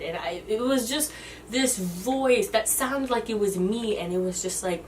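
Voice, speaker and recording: A woman in her twenties telling a personal story in a halting, emotional way, often restarting her sentences. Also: mid-range voice, darkish tone, distant mic, slight background noise. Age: 20s. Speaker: vlogger.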